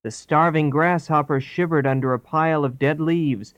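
A man narrating fables in a clear, steady, scripted storybook reading. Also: fairly high pitch, moderate pace, dry recording. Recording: dull lo-fi audio.

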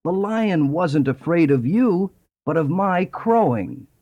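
A man's voice: on the high side, lively intonation, takes it slowly, voice pushed up. A man voicing a fretful, wise male rooster in a storybook reading, in a pleading manner. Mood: sorrowful. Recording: dull lo-fi audio.

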